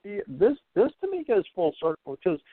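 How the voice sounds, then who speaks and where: A man's voice: high-pitched, huge pitch swings, brisk, no room sound. A man speaking as a guest in a casual podcast interview, thoughtful, often stumbling and repeating words. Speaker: guest author on paranormal folklore. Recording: dry, phone-like line.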